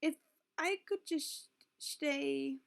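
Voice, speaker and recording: A young woman in her late teens with a high voice and a gravelly, fry-edged tone. She rambles into her computer's built-in webcam at home and keeps interrupting herself as she talks. Her throat is sore. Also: very slow. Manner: rambling, self-interrupting, emotional. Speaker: vlogger. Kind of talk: confessional webcam vlog. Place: at home, indoors. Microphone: built-in computer webcam mic.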